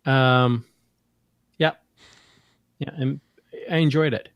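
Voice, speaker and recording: A man's voice: mid-range voice, fairly even intonation, slow pace, creaky, no room sound, highs cut off. Hesitant man chatting on a podcast. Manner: hesitant, filler-heavy. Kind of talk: casual podcast chat.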